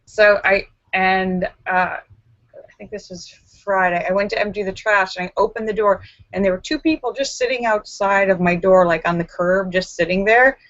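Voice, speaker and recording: A woman vlogger telling a story to camera in a casual, animated way, acting out her own screams and lines of dialogue. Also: medium pitch, normal speed, dull audio.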